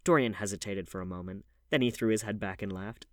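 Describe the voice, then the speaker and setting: A man narrating a classic novel in an audiobook, reading in a measured, clear way. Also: lowish voice, no echo, studio quality.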